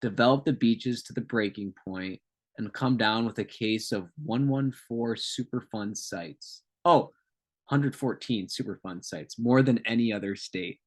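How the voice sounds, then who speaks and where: A man's voice: medium pitch, measured pace. Joking man co-hosting a podcast. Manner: joking, mock-dramatic readings with tangents. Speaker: podcast co-host. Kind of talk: casual podcast chat, reading notes aloud.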